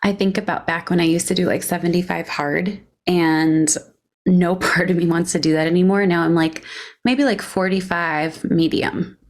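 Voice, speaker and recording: A woman guest talks openly about her work and life in a casual interview. She speaks frankly and laughs easily between thoughts. Her voice is a little lower than most women's. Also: fairly even intonation, moderate pace. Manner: candid, laughs often, frank. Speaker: guest entrepreneur.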